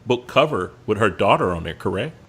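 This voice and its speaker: A man hosting a podcast, asking questions in a relaxed, conversational way. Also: on the low side, a little fast, a little hiss or hum. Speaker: podcast host. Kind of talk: casual interview questions.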